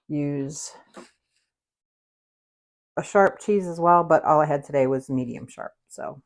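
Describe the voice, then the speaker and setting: A woman hosting a casual cooking livestream from a home kitchen, chatty and rambling, with easy laughs and side stories as she talks through a recipe. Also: low-pitched. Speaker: cooking show host.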